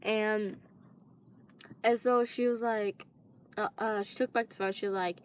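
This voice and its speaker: A woman's voice: mid-range voice, a little slow, long pauses. A teenage girl casually telling a long personal story, rambling with lots of fillers and restarts. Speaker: vlogger.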